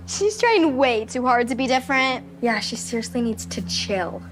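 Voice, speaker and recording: A snide mean girl taunts a classmate in a high voice. Clear music plays beneath the scripted drama scene. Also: sing-song, normal speed. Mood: mocking. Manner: snide, mocking. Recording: music under the dialogue.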